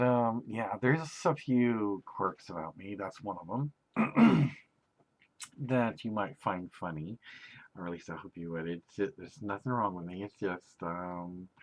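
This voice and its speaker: A man rambling in a personal video message, giggling often and going soft and quiet when embarrassed. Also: low voice, low-quality recording. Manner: giggly, self-conscious, often laughing mid-sentence; drops to a soft near-whisper when embarrassed. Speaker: aspiring actor addressing a celebrity.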